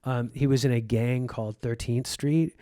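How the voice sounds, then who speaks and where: A man's voice: mid-range voice, fairly even intonation, moderate pace, dark tone, no room sound. A man from Egypt, a comedian guest, telling vivid stories from his childhood and acting out the people in them. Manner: vivid storyteller, acts out quoted voices. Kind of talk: storytelling in conversation.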